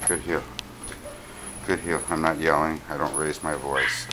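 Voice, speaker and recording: A man training a dog while filming, giving short calm commands and explaining his method. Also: very deep voice, measured pace. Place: indoors at a kennel facility. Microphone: handheld camera mic. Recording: loud background noise, dogs barking.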